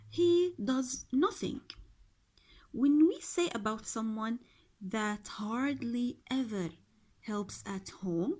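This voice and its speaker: Slow, patient woman teacher with an Arabic accent, higher voice, walks through each word and repeats it. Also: darkish tone. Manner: patient, repeats each word, asks and answers her own questions. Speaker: English teacher. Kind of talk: workbook grammar lesson.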